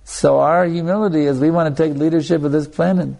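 Creaky, mellow-voiced male preacher. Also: fairly high pitch, fairly even intonation, fast. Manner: conversational, with frequent restarts and asides to listeners. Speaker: spiritual teacher. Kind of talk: anecdotal sermon.

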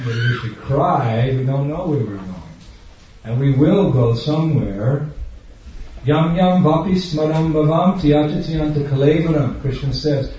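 A man's voice: a little high, dark tone. A man giving a sermon to an audience, emphatic and questioning, acting out little everyday scenes. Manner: acts out everyday scenes in different voices. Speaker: spiritual teacher. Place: large room with an audience. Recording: dull, echoey hall, far from the mic.

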